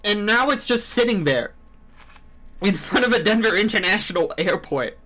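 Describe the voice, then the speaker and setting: A man's voice: high-pitched, animated, moderate pace, sharp tone. A man telling a rambling story on a live stream while eating pizza. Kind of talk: casual stream chat.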